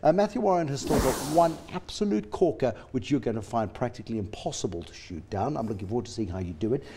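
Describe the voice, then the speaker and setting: Brief: English-accented male TV host, dark-toned voice with a bouncy, animated delivery, playful and teasing with guests. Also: medium pitch, quick pace, husky. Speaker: TV show host. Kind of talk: lively TV presenting.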